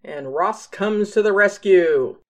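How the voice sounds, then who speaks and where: A woman's voice: medium pitch, slow. A woman casually reacting to a period drama with playful exclamations and giggles.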